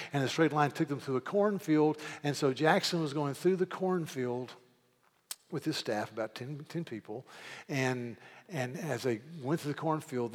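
A man preaching a sermon as pastor, moving from loud, fervent pleading to quiet, low storytelling. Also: in a large hall.

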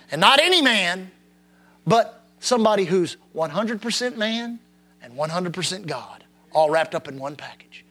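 Man preaching hard, really high voice, bright and forceful, keeps repeating lines and swinging loud to soft. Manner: impassioned, repetitive preaching cadence with sudden drops and rises; reads scripture aloud in dramatic King James style. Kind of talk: sermon.

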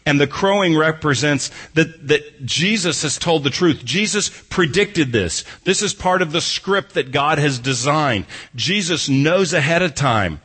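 Guy preaching, husky voice, reads the verse then hammers the point over and over. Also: fairly high pitch, lively intonation, unhurried, hardly any pauses, a bit bright. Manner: reads scripture then explains it with emphatic repetition. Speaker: pastor. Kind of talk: expository sermon.

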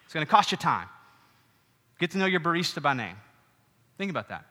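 A middle-aged man preaches a sermon in a casual, animated way, tossing asides to his congregation. His voice is somewhat high and bright, and it rings with the long reverb of a church hall. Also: a little fast. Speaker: pastor.

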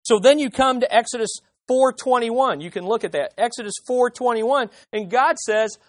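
A woman preaching a sermon in an emphatic way, moving between loud stresses and hushed asides. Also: a little high, normal speed, no echo, clean studio sound.

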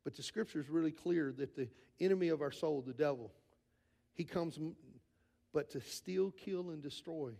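A man with a notably high voice delivers an earnest sermon. He swings from raised, urgent lines to hushed, quiet ones. He stumbles and repeats words as he presses his points. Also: moderate pace, gravelly. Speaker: pastor.

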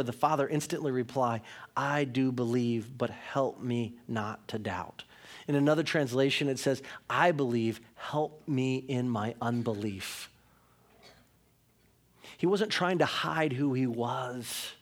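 Pastor in his thirties, frank conversational sermon style, medium-pitched male voice, pokes fun at himself. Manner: conversational, candid storytelling with self-mocking humor.

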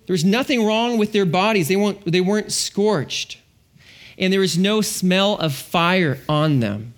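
A man's voice: high voice, a little slow. A middle-aged male pastor preaching a sermon, telling the story animatedly and acting out the characters.

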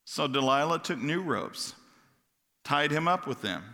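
Man, Bible teacher, casual joking delivery, fairly high voice, long hall reverb. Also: animated, unhurried, gravelly, sharp tone. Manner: casual, joking, stumbles over words.

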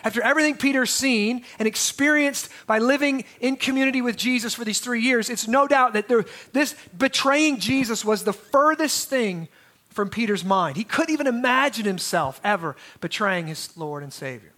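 A man's voice: extremely high pitch, animated, normal speed, pushed and bright. A man preaching a sermon as pastor, in a conversational way with restarts and asides.

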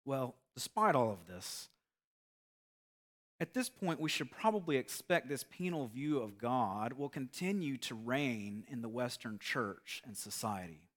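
A man preaching a sermon, telling an illustrative story in an earnest, measured way. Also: mid-range voice, lively intonation, fairly bright tone. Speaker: pastor.

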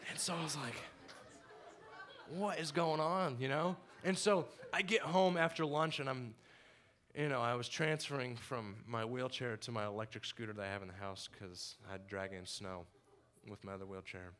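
A young man telling his personal story to a church congregation, animated and laughing often as he acts out his own past words. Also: medium pitch, normal speed, a faint crowd, a little hiss or hum. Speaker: church member giving testimony.

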